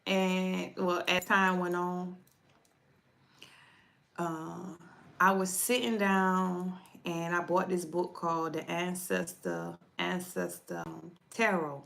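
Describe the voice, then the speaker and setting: Woman, tarot reader, lowish voice, gravelly, chatty livestream talk, repeats herself. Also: level tone, takes it slowly, a bit bright. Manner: chatty, repeats herself, speaks directly to viewers. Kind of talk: casual livestream storytelling.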